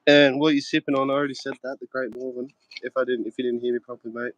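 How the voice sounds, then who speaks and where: A man's voice: medium pitch, flat delivery, rapid-fire, highs cut off. A man in his thirties from Australia with an Australian accent, chatting brashly on a livestream with plenty of slang and swearing. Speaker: guest streamer. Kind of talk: casual livestream chat.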